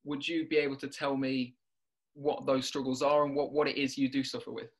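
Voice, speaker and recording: A man's voice: mid-range voice, level tone, a little fast. A man interviewing a guest, often repeating words as he restarts and chuckling between questions. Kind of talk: warm-up interview chat.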